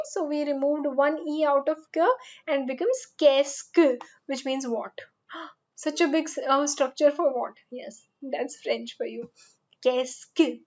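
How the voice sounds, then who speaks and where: A woman's voice: sits high, muffled recording. A woman teaching a French lesson in English, explaining patiently and encouraging her students with simple repeated examples. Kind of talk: online language lesson.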